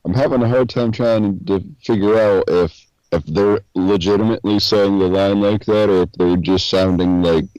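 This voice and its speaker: Deep-voiced man with dry wry asides. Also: fairly even intonation, moderate pace, a little mellow, dry recording, lo-fi sound. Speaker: co-host. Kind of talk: comedic game commentary.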